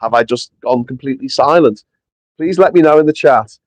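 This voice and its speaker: A tired livestream host, short on sleep, chats casually and swears a lot while reading viewers' comments aloud. His medium-pitched voice moves fairly quickly with no room sound, captured dry and close through a small foam-covered clip-on mic outdoors in the wind.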